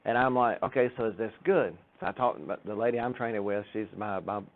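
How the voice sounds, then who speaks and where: A man's voice: on the low side, quick pace, creaky. Man telling church stories over tinny sound. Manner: chatty storytelling with jokes and acted-out quotes. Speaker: church speaker. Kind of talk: informal church talk.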